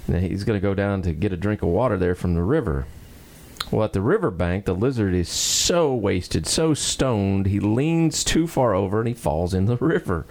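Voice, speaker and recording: A man co-hosting a radio show, trading dry quips and telling jokes with animated storytelling. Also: on the low side, moderate pace, gravelly. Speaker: radio co-host. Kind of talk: casual banter and joke telling.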